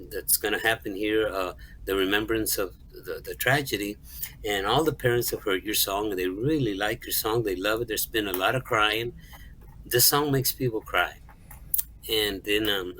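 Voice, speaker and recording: A middle-aged man, a songwriter and music store manager, tells a personal story in an interview in an earnest, halting way, repeating words and acting out the dialogue he quotes. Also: lowish voice, fairly bright tone, a little hiss or hum, poor audio.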